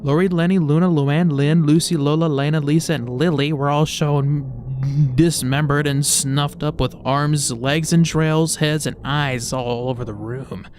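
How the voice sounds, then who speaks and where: A man's voice: on the high side, fairly even intonation, unhurried, darkish tone, slight background noise. A man reading a story aloud with comedic commentary, exasperated, stammering and swearing as he reacts. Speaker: creepypasta reviewer.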